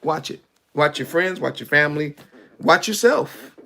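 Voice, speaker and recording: A male preacher delivering a sermon in an easy, conversational way. His voice sits high and carries a gravelly crackle. He often sinks his voice low to drive a point home. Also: lively intonation, unhurried, pushed and bright. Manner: conversational preaching, acts out quoted speech, drops his voice low for emphasis.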